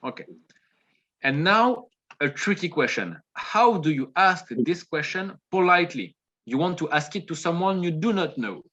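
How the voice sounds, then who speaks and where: A French man with a French accent teaching an online class, encouraging his students and repeating phrases slowly. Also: on the high side, animated, bright, forceful tone. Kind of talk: online demo language class. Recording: dull lo-fi audio with faint noise.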